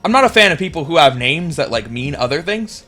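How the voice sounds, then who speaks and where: A young man casting a video game match, rambling and chatty, getting excited at big plays. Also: on the high side, a little fast, faint music behind. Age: young adult. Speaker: game caster. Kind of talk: casual esports commentary.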